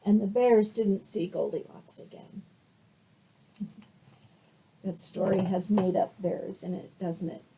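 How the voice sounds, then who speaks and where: A woman, a children's librarian reading picture books aloud to babies in a gentle, soothing, sing-song way. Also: medium pitch, slow pace, long pauses, background noise.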